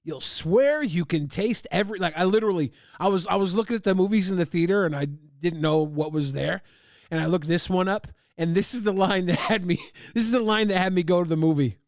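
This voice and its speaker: Male streamer, high voice, excitable and profane, casual reaction chat, dry close mic. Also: a little fast, no room sound. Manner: excitable, profane, laughing at his own jokes. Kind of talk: casual livestream commentary.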